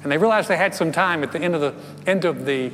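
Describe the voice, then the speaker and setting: Earnest preacher in a reverberant hall. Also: male voice, on the high side, quick pace. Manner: storytelling preacher, earnest and building. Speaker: pastor. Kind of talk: sermon. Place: church sanctuary. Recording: long hall reverb with soft music.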